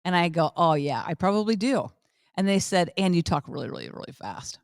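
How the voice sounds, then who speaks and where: A woman's voice: lowish voice, a little fast, dry recording, clean studio sound. A middle-aged woman hosting a motivational podcast, talking emphatically and repeating phrases for effect. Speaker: podcast host.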